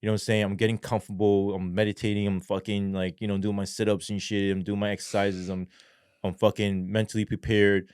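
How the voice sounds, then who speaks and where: A man's voice: on the low side, a little fast, clean tone, no room sound, studio quality. A man telling a story as a podcast guest in a casual, profane, slangy way, rambling with lots of fillers. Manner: animated, acts out quoted voices.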